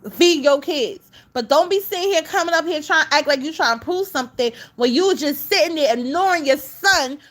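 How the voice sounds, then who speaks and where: High-voiced woman scolding in casual commentary. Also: a bit bright. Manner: scolding, exasperated, talks straight at the subject. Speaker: reaction commentator.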